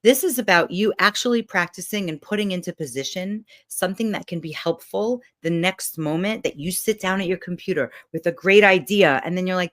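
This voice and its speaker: A woman's voice: lowish voice, a little fast, few pauses. A woman giving a motivational talk, guiding listeners through breathing and visualizing exercises. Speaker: motivational speaker.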